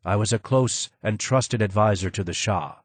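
A man voicing a broken, disfigured former advisor who speaks low, hoarse and slow, sounding more sad than angry. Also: no echo, close to an everyday voice.

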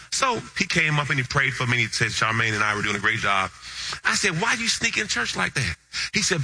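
A man preaching, telling a funny story with animated, lively delivery that jumps between low asides and excited high shouts. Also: slightly rough. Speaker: pastor. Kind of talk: storytelling sermon.

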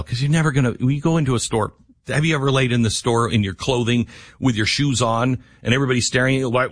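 A male radio talk show host giving an impassioned political monologue, his voice climbing toward yelling and dropping low again. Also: fairly even intonation, fast talker, no room sound, clean studio sound. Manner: heated, rising to near-yelling then dropping low.

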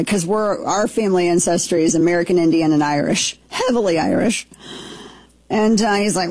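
Talk-show woman from Southern Missouri, forties, husky, dry studio sound, animated storyteller. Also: fairly low pitch, moderate pace, no echo. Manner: animated storyteller, laughs easily. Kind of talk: casual chat, storytelling.

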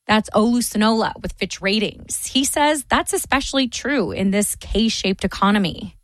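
A woman reporting for radio news, reading a scripted economics story in a measured, clear way. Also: mid-range voice, lively intonation, a bit bright, no echo. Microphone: studio mic.

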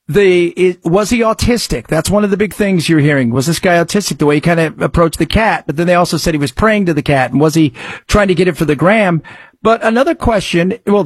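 Male talk-radio host, husky, slightly high voice, conversational rambling. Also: dry recording, studio quality. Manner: rambling, conversational, quick ad patter. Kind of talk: radio talk commentary and live ad reads.

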